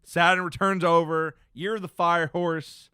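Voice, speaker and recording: A man's voice: a little high, level tone, unhurried, bright, forceful tone, clean tone, no echo, studio quality. A man in his thirties chatting casually on a live stream, rambling and laid-back, often laughing and trailing off into mumbles.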